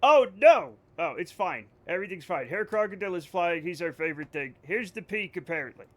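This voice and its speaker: A man streaming live gameplay, chatting to his viewers in an excitable, joking way, swearing and laughing often. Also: sits high, brisk.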